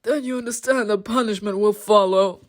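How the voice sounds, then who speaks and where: A woman's voice: mid-range voice, moderate pace, natural voice. A woman voicing a stern male angel father who talks in a cold, commanding way.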